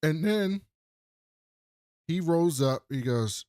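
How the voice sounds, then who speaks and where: A man co-hosting a podcast, retelling a TV episode in an animated way and acting out the quotes loudly. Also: medium pitch, unhurried, dry recording, clean studio sound. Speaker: podcast co-host. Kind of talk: casual TV recap chat.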